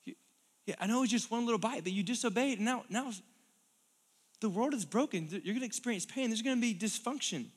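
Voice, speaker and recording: A man voicing God as a grave, disappointed father figure who scolds slowly and sorrowfully. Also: high voice, lively intonation, breathy edge. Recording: long hall reverb.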